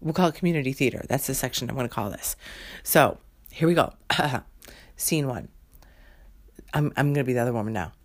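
A woman's voice: very deep voice, lively intonation, fairly quick, long pauses. A woman host telling a comedic story, exasperated and sarcastic, acting out both sides of a phone call. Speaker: podcast host.

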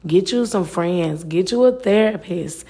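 A woman's voice: on the low side, unhurried, mellow, slightly rough. A woman hosting a faith-based talk podcast, speaking earnestly and casually, repeating phrases and filling with "like". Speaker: podcast host.

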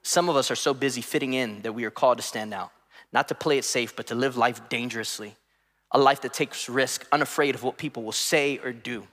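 A man preaching a sermon as pastor, swinging between impassioned emphatic peaks and soft drops, with casual storytelling asides and fillers to his congregation. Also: mid-range voice, fairly quick, in a large hall.

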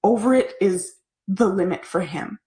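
A woman's voice: mid-range voice, normal speed. Chatty woman hosting a parenting class. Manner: animated, chatty, answers viewer comments. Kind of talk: live online parenting class. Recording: echoey room.

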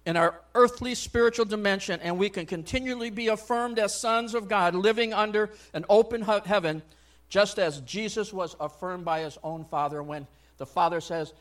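In church, a male pastor delivers a sermon in a conversational way, full of asides and peppered with "I mean" and "you know." His fairly high voice moves at normal speed, shifting between loud exhortation and soft, hushed remarks.

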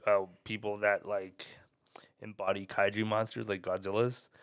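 A man's voice: fairly low pitch, level tone, normal speed, a bit bright, dry recording, clean studio sound. A man in casual chat who stammers on restarts and agrees often. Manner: stammering, agreeable, says yeah a lot.

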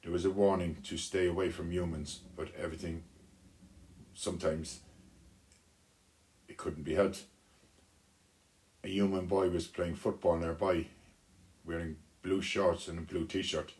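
A man telling a children's story aloud, unhurried, with small restarts. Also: low voice, flat delivery, darkish tone.

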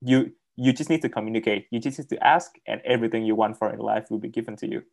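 A man's voice: fairly low pitch, quick pace, vocal fry, a little mellow. Hesitant man sharing his story. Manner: hesitant, restarts, plain words. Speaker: interview guest, coaching client. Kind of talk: personal testimony.

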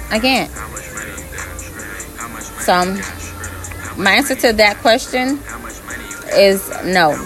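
A woman answering her viewers' questions in a slow, deliberate way, frank about her views and quick to laugh. Her voice sits at an ordinary middle pitch, with soft music playing faintly underneath. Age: adult mother. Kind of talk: candid casual Q&A talk.

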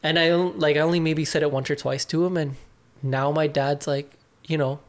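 A man's voice: a little high, steady tone, normal speed. A young man talking openly as a podcast guest, reflective and casual, with lots of filler words and some swearing. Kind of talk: candid conversation.

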